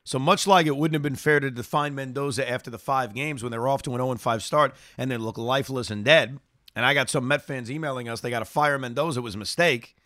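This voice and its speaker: A man's voice: medium pitch, fast talker, pushed and bright, no room sound, clean studio sound. A man hosting sports talk radio, reading listener email and answering in an emphatic way that repeats phrases for effect.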